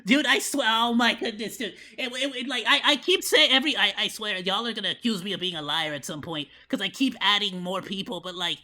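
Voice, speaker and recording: A male VTuber talking in a put-on, high, cartoonish monkey voice, rambling with lots of fillers and restarts. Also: fast talker, few pauses, pushed and bright. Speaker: VTuber streamer. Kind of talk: casual reaction stream.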